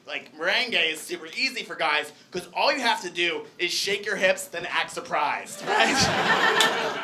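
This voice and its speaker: A young man performing a stand-up comedy set, telling a story with animated energy and shouted punchlines. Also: high-pitched, unhurried, heavy background noise. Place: comedy club stage. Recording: live crowd audible. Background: audience laughter.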